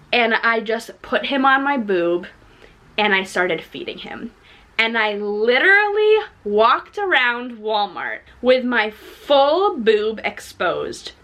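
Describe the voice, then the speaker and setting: Young woman, vlogger, storytime, chatty and animated, bright voice, slightly high. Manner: animated, chatty, says "like" often; laughs while telling the story. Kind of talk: storytime vlog.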